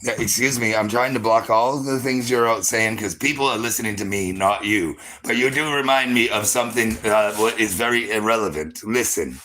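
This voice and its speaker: Bright-voiced rambling Southern man. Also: fairly low pitch, moderate pace, few pauses, low-quality recording. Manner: rambling, profane, repeats "you heard?", trash-talking. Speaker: livestream host. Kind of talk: rambling live-stream monologue and phone chat.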